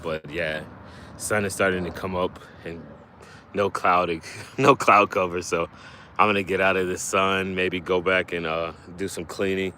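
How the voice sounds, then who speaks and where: Out fishing, a man hosts a casual livestream in a deep voice, speaking in a relaxed, halting way with lots of fillers and restarts. He's a little out of breath, and the audio carries a little hiss or hum.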